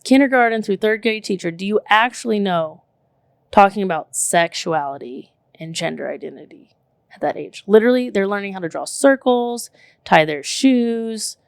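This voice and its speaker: A woman in her thirties chatting casually on a podcast, telling stories in an animated way with lots of "like" and "literally", swearing now and then. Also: mid-range voice, moderate pace, creaky, clean tone, no room sound, studio quality. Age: 30s. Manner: animated, filler-heavy storytelling with frequent "like" and "literally". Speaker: podcast co-host. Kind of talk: casual chat.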